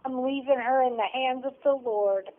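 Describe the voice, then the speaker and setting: An older woman, the host's grandmother, giving calm, brief answers as a guest on a casual podcast. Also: sits high, moderate pace. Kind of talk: casual chat. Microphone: phone call. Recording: tinny phone line.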